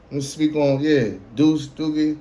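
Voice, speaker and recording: A man in his late twenties hosting a casual solo podcast, slangy and animated, swinging between a hyped voice and a low drawl. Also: a little slow, muffled recording. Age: 20s. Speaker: podcast host.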